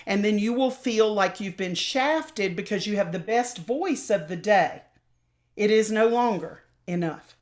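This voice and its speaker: A woman's voice: mid-range voice, unhurried. An older woman with a Southern US accent, an opera singer and voice teacher, talking animatedly in a casual interview over a video call and acting out the voices she quotes.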